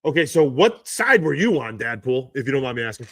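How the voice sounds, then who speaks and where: A man talking into a handheld phone on a live stream, with a bright, forceful tone. His voice jumps sharply upward whenever he gets indignant. The sound is dry and close, with no room around it. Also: sing-song, a little fast, no echo. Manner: exasperated ranting, rises sharply in pitch when indignant. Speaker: livestream host. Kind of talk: casual live-stream commentary.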